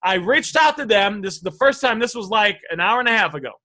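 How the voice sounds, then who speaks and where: A man coaching viewers live on sales talk, energetic and emphatic, asking them questions directly. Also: high voice, fairly quick. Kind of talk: live online sales lesson.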